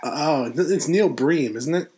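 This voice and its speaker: A man's voice: on the high side, normal speed, a little mellow. Man bantering dryly on a podcast. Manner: teasing, dry banter. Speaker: podcast co-host. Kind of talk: casual chat.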